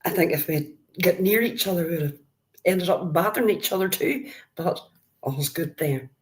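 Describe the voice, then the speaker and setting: Older irish woman on a live stream, deep voice, feisty and blunt, talks straight to chat. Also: normal speed. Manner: blunt, feisty, addresses chatters by name. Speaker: livestream host.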